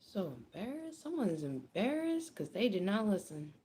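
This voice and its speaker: A woman giving a casual tarot reading, chatty and animated, with frequent laughter and swearing. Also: mid-range voice, normal speed, a little hiss or hum. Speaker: tarot reader. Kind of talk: casual spoken card reading.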